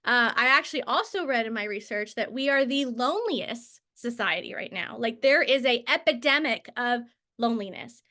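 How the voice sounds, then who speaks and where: A woman's voice: a little high, expressive, moderate pace, bright, forceful tone. A woman in her thirties giving a casual training talk on selling through social media, chatty and full of tangents and filler words. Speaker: network marketing trainer.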